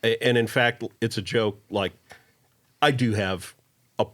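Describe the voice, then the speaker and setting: A man's voice: fairly low pitch, fairly even intonation, measured pace, a bit bright. A man who builds pedals, a guest on a podcast, talking at length with dry humor. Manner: long-winded, dry humor. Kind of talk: casual chat.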